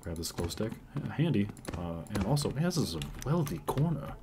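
A man doing let's-play commentary on a horror game. He talks to viewers in a hush, swears, and yells in panic. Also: on the low side, sing-song, brisk, noisy background. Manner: hushed and careful, then yelling in panic. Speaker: gaming video creator. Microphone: desk mic.

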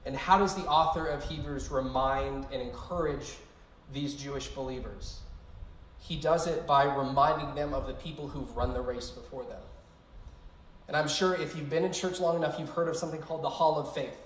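A young male youth pastor preaches in a relaxed, chatty way, slipping into animated storytelling with quick asides. His voice sits a bit high. The sound carries the echo of a big room. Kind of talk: youth sermon.

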